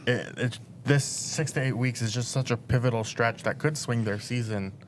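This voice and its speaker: A man working as a sports reporter, giving steady analysis in a casual podcast chat. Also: medium pitch, normal speed, slight background noise.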